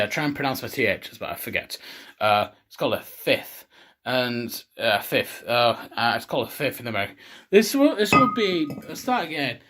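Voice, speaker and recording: A man's voice: mid-range voice, a bit bright. A young man rambling and swearing casually while hosting a home cocktail video. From England. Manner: swears a lot, rambling and self-mocking.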